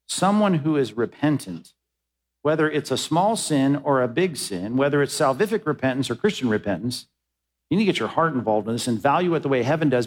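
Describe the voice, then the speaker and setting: Emphatic preaching man, raised pitch. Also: low-quality recording. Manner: conversational asides to the congregation. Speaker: pastor. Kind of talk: sermon.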